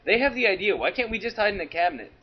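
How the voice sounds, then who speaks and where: A young man playing a horror game with friends, giving practical instructions and repeating words in quick bursts. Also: sits high, big pitch swings. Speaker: gamer. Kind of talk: casual group let's play. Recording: dull lo-fi mic.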